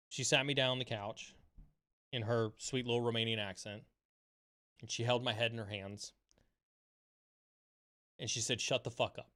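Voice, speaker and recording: A man with a mid-range, fairly bright voice hosts a livestream from his home streaming setup. He gives a fervent motivational speech, repeating phrases for emphasis and cursing casually, then turns to viewer questions.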